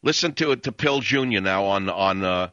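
A man's voice: low-pitched, expressive, normal speed, bright, forceful tone, no room sound. A man hosting a talk radio show, ranting and sarcastic as he cuts in on callers. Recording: dull lo-fi broadcast audio.

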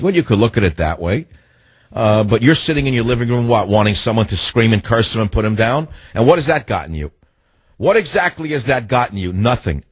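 Husky, scornful talk radio host man. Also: mid-range voice, sing-song, fairly quick, dry recording. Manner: ranting, scornful, mocking, cuts callers off. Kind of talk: combative talk radio monologue. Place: radio studio.

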